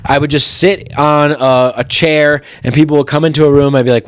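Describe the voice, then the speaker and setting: A man's voice: fairly high pitch, steady tone, brisk, few pauses, smooth. A man hosting a comedy podcast, riffing crudely and rambling, often slipping into mocking put-on voices. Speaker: podcast host.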